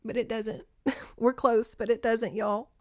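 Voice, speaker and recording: A woman's voice: fairly high pitch, flat delivery, a little slow. A woman hosting a podcast, chatting casually about a book, emotional and teary, swearing often and breaking into tearful laughter. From United States. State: teary, crying. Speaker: podcast host reviewing a book. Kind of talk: casual chat.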